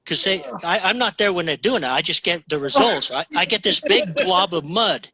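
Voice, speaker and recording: A man's voice: sits high, lively intonation, normal speed, crowd noise, poor audio. A man telling stories as an interview guest, rambling with many restarts and often asking "okay?". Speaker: guest, fly tier. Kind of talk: casual interview chat.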